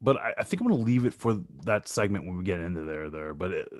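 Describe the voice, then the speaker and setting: A man co-hosting a casual sports podcast, eager and animated as he runs through his notes. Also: low voice, fast talker. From Pacific Northwest of the US. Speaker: co-host.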